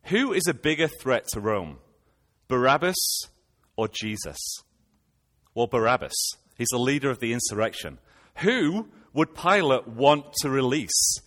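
A man's voice: medium pitch, big pitch swings, measured pace, a bit bright. Man preaching in a reverberant hall. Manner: retells scripture with rhetorical questions. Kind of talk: sermon.

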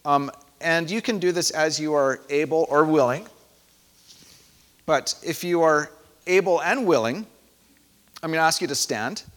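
A man preaching in a church, his voice high and bright against the long echo of the hall. He speaks calmly and reflectively, going quiet at times and then leading loud shouted responses. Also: a little slow, long pauses. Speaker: pastor. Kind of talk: sermon. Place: church sanctuary. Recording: echoey hall.

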